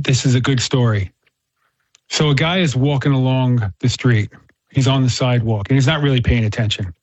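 A man with a medium-pitched voice talks earnestly about faith in a casual chat, weaving in a story and often repeating words as he starts over. The recording is dry, dull, and a little muffled.

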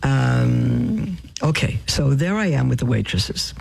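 A woman telling religious stories on the radio in an animated way, acting out what people said and dropping to a whisper for emphasis. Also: extremely low pitch, slow, creaky, low-quality recording. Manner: animated storyteller who acts out quotes and drops to a whisper for emphasis. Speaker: radio guest asking for donations. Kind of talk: religious storytelling testimony.

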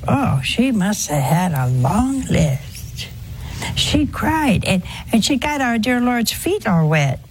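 An older woman giving a conversational religious talk, folksy and gently humorous, full of rhetorical questions. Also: medium pitch, big pitch swings, slow, hardly any pauses, slight background noise. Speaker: religious speaker. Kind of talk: talk to an audience on confession.

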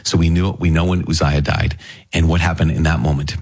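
A man with a very low, husky voice explains scripture in an easy, conversational way. He sounds earnest and eager, talking straight to his listeners as a Bible teacher. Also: level tone, brisk, a little mellow. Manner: earnest, enthusiastic, addresses listeners directly.

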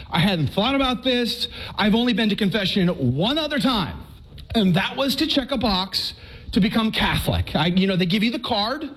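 A man from Texas giving a humorous personal testimony to a live audience, telling his story in a lively way and stammering and repeating words for effect. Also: high-pitched, low-quality recording. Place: speaking before an audience.

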